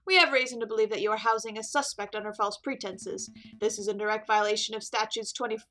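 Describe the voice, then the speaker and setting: A woman's voice: mid-range voice, steady tone, fast, sharp tone, natural voice. A woman voicing a stern, formal male bird lawyer who gives curt orders. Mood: commanding.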